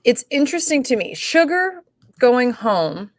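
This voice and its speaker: A woman co-hosting a casual podcast, talking in an animated way and acting out quotes from a reality show. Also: high voice, unhurried, no room sound. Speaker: podcast co-host.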